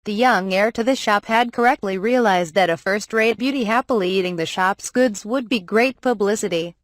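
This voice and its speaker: A woman narrating a light novel audiobook, reading the story and its dialogue in an even, measured way. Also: medium pitch, no echo, clean studio sound. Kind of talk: scripted narration with character dialogue.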